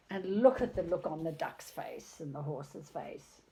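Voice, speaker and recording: Slow, chatty older woman reading aloud. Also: low-pitched, expressive, dark tone. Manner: chatty, digressive, pausing to comment on pictures. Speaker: reader of a picture book. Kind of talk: reading a picture book aloud on video.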